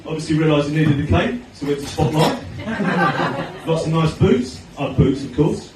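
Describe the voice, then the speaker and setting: Middle-aged Australian comic with a high voice, deadpan delivery, taped far off in a very echoey, noisy room. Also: male voice, normal speed. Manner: chatty storytelling with deadpan punchlines. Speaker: stand-up comedian. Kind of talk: stand-up comedy set. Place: comedy venue stage with audience laughter.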